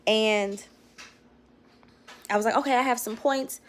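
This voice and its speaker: A woman's voice: a little high, measured pace, far from the mic. A young woman talking casually and candidly to her phone camera at home, swearing freely as she tells a personal story. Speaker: vlogger.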